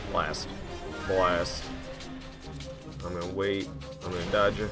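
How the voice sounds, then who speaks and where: Excitable man talking over gameplay. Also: low-pitched, slow pace, pauses often, over music. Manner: excitable, self-mocking, slangy. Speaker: gaming commentator. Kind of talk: casual gameplay commentary.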